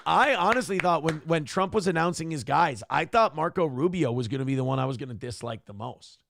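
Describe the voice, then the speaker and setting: A man hosting a livestream show, giving loud, mocking commentary on news clips and reading from the chat. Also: on the high side, brisk, vocal fry, no echo, clean studio sound. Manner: loud, mocking, swings into shouted impressions. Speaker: show host.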